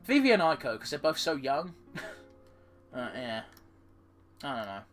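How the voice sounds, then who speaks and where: A man's voice: mid-range voice, sing-song, measured pace, fairly bright tone, soft background music. A man giving casual commentary over a video game playthrough, swearing freely and reading game text aloud. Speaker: let's play gamer.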